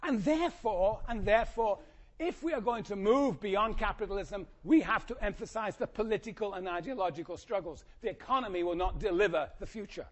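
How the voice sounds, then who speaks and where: An older man giving a university lecture, his voice going hoarse, lively and acting out quotes. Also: a little fast, few pauses. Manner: animated, acts out quotes with sudden high pitch. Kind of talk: classroom lecture. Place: lecture hall.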